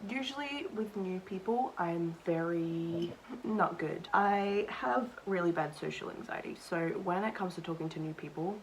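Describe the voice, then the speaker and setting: A woman's voice: on the low side, measured pace, a little hiss or hum, low-quality recording. Chatty young woman telling work stories. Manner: chatty, self-deprecating storytelling with lots of "like". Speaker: beauty vlogger. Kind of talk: casual chat while doing makeup.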